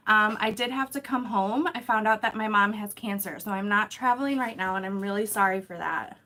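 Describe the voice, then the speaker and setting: A young woman with a mid-range, sharp-toned voice hosts a casual live stream from home, greeting viewers by name and frequently apologizing. A camera some distance away picks her up.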